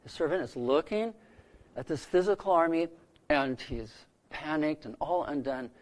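A man preaching a sermon who retells scripture stories, lifting his voice for quoted lines and dropping soft and low to land a point. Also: normal speed. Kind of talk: sermon storytelling.

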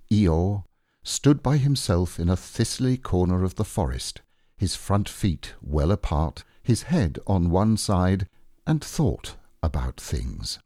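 Slow, lively low-voiced male storyteller. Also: dry recording, studio quality. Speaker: audiobook reader. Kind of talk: storybook narration.

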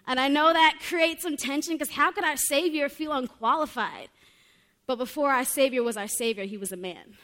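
A woman's voice: high voice, animated, a little fast, a bit bright. A young woman preaching a sermon in a heartfelt, earnest way, often saying "like" between her thoughts. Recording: long reverb of a large hall.

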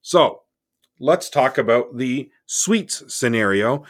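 A man's voice: medium pitch, lively intonation, slow pace. A middle-aged man hosting a solo podcast, talking in a rambling, conversational way and often asking "right?". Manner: rambling with restarts. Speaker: podcast host.

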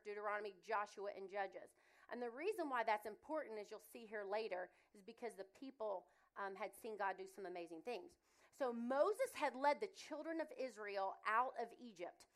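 Chatty Southern woman preaching with humor. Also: fairly high pitch. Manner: chatty, humorous, expressive storytelling. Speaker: guest speaker. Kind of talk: sermon with personal stories.

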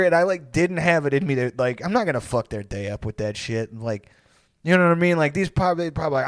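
A man's voice: medium pitch, fairly quick, dry recording, studio quality. A man co-hosting a comedy podcast, telling a loose, rambling story between laughs. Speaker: podcast co-host. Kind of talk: casual comedy chat.

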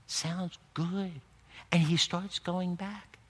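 Older guy preaching, voice jumps all over, slightly high, big echoey hall. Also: normal speed. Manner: animated preaching, acting out quotes with sudden shouted bursts. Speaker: pastor. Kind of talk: sermon.

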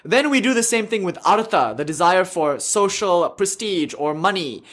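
A man's voice: high voice, lively intonation, moderate pace. A young man leading a yoga class, giving a casual, joking spiritual talk and laughing often between thoughts. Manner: laughs often, jokey, rambling with fillers. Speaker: yoga teacher.

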